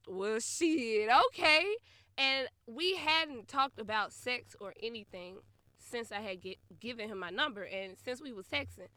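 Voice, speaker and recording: A young adult woman hosting her own podcast, telling a story in a blunt, profane, laughing way that swings from muttering to loud outbursts. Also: medium pitch, no room sound. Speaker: podcast host. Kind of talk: casual storytelling monologue.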